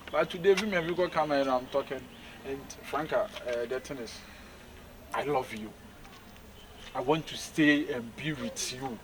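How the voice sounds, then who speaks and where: A man with a Ghanaian accent, a comedian acting in a sketch, flirting in an exaggerated, animated way. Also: mid-range voice, measured pace, pauses often. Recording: noisy outdoor recording.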